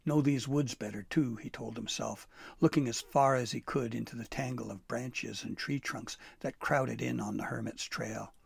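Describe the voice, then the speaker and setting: A man narrating a storybook with an expressive, dramatic read-aloud manner. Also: medium pitch, moderate pace, vocal fry, husky, no echo.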